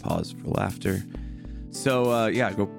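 A man's voice: on the low side, fairly even intonation, unhurried, vocal fry, over music. A man hosting a podcast, joking and laughing often in casual chat and a merch plug. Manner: joking, laughs a lot, playful. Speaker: podcast host.

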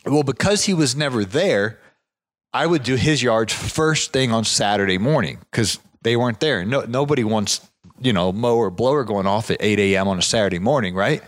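A property management business owner from the southeastern United States tells a meandering anecdote in a relaxed, conversational way. His voice is of ordinary pitch at a moderate pace. He rambles with frequent fillers and restarts, and grows lively whenever he quotes someone else.

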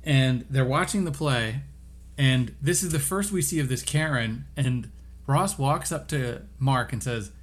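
A man co-hosting a casual podcast, recapping a TV episode and briefly acting out the characters' lines. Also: mid-range voice. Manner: animated, acts out characters' lines in quick asides. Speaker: podcast co-host.

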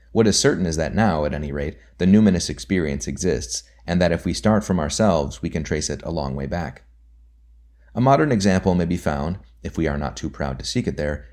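A man narrating an audiobook in a measured, deliberate reading. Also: rumbling low, a little mellow.

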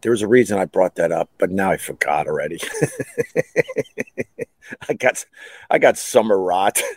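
Low-voiced, animated middle-aged storyteller man. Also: moderate pace, a little hiss or hum. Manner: laughs at his own stories, animated, swears. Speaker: podcast host, former radio host. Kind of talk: rambling solo storytelling.

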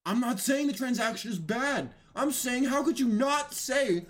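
A man's voice: extremely high pitch, expressive, a little slow, few pauses. A man giving mocking, incredulous reaction commentary on videos, often emphatic and raising his voice.

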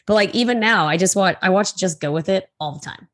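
A woman's voice: mid-range voice, a little fast, a bit bright. A woman co-hosting a podcast, chatting casually in a blunt way and swearing freely. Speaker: podcast co-host. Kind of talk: casual chat.

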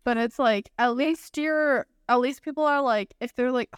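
A woman's voice: sits high, moderate pace, clear, resonant tone, no echo, clean studio sound. A young woman co-hosting a podcast, chatting casually and teasingly, with lots of "like" fillers. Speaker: podcast co-host. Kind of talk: casual chat.

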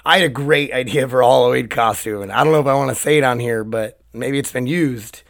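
A man hosting his own solo podcast, his voice hoarse and cracking, rambling in a loose, chatty way with plenty of swearing. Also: mid-range voice, fast, fairly bright tone. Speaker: podcast host. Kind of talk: casual solo podcast monologue.

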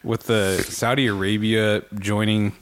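A man's voice: on the low side, level tone, unhurried, a bit bright, a little hiss or hum. A man co-hosting a podcast, chatting casually with slangy, incredulous questions. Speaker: podcast co-host. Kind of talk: casual chat.

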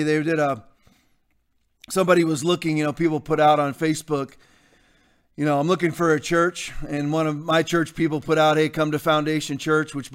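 A man's voice: a little high, clean tone. A man preaching as a pastor in a blunt, defiant rant, repeating his points for emphasis. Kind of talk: combative sermon rant.

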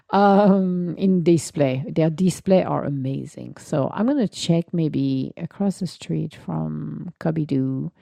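Woman host with a French accent, low and mellow voice, casual animated storyteller, dry close sound. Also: creaky, no echo. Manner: chatty, animated storytelling with French words mixed in. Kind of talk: casual solo live chat.

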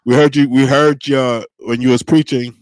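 A man's voice: medium pitch, normal speed, no echo. A man in his forties with a New York accent, hosting a podcast in casual chat and animatedly acting out the voices in his stories. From grew up in New York. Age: 40s. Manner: animated storyteller, acts out quoted voices. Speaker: podcast host.

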